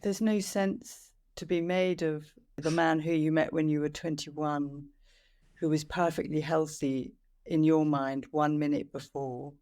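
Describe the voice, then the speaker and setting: A woman hosting a podcast interview, asking gentle, reflective questions. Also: deep voice, level tone, unhurried. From England. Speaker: podcast host.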